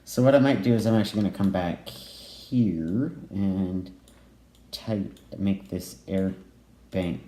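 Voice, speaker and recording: A man talks over a game in slow, hesitant fragments, filling gaps with ums as he thinks aloud. His voice sits deep and mellow. The recording carries a roomy echo and faint background noise. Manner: musing, halting, many ums and pauses. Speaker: let's play gamer. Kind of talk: casual game commentary. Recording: echoey room, faint noise.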